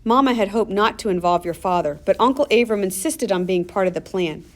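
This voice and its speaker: A woman narrating a first-person story in a measured, earnest audiobook reading. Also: medium pitch.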